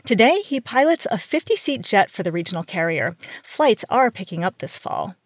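Woman, radio news reporter, measured scripted narration, dry studio sound. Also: mid-range voice, sing-song, no room sound. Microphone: studio mic.

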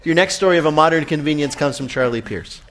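A man hosting a radio quiz show in an upbeat, brisk, emphatic way. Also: a little high, fairly bright tone.

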